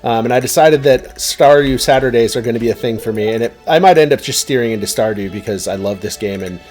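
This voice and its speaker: A man's voice: mid-range voice, fast, darkish tone, faint music behind. A man chatting casually while streaming a game, rambling and talking to his viewers. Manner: rambling, chatty, many fillers and restarts.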